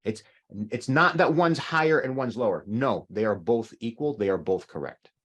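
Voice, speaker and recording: A man's voice: medium pitch, lively intonation, normal speed, a bit bright, husky. A middle-aged man teaching an online language class over a video call, patiently explaining with examples. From North America.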